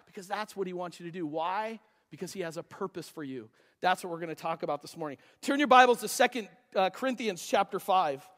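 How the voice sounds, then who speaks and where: Male pastor, high bright voice, lively joking sermon, long church reverb. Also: brisk, hardly any pauses. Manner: animated, restarts, jokes with congregation. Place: church sanctuary.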